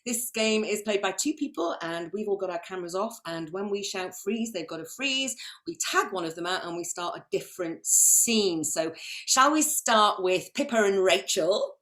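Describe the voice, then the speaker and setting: A woman hosting an online improv comedy show, chatty and quick to laugh. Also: mid-range voice. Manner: lively, chatty, laughs often. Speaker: improv host.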